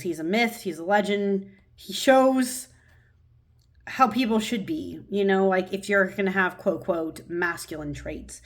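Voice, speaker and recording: A woman in a casual home video, talking through her tarot cards with rambling enthusiasm. Her pitch sits in an ordinary middle range, and her sentences keep restarting and filling with little verbal pauses. She sounds relaxed and informal, like she is chatting with viewers. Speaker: tarot channel host.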